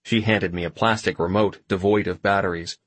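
Husky guy reading a story in first person, dry close mic. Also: sits low, steady tone, brisk, fairly bright tone, dry recording. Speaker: audiobook narrator. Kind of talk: first-person audiobook narration.

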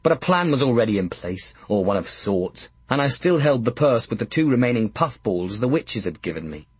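A man narrating an audiobook in a measured, first-person storytelling manner. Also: mid-range voice, very animated, slightly rough, no room sound.

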